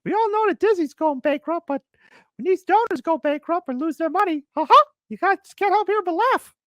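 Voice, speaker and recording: A man putting on the high giggling voice of a cartoon mouse mascot. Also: lively intonation, a little fast, fairly bright tone, no room sound, studio quality. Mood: giggly. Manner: squeaky falsetto with giggles.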